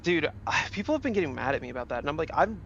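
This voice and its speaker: Young male streamer, casual profane play-by-play, raised pitch, game engine roaring underneath. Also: sing-song, rapid-fire, creaky, fairly bright tone, highs cut off. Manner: slangy, profane, rambling. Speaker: sim racing streamer. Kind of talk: casual livestream commentary while racing. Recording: engine noise of a racing game behind. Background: car engine and game sounds.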